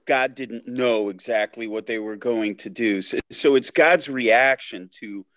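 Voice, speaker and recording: A man's voice: medium pitch, measured pace, a bit bright, no room sound. A man, a student in a class, asking a question in a hesitant way and searching for words.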